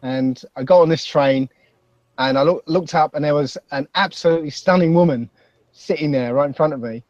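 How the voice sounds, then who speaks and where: A man with a Basildon accent telling a story as a podcast guest, halting and self-deprecating. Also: a little high, darkish tone, no room sound, highs cut off. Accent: Basildon, Essex. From England. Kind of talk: casual chat.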